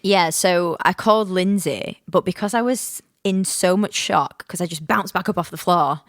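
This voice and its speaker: Frank woman, low and dry. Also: normal speed, no echo. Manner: frank and self-deprecating, swears casually. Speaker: podcast co-host sharing her story. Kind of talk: candid personal storytelling.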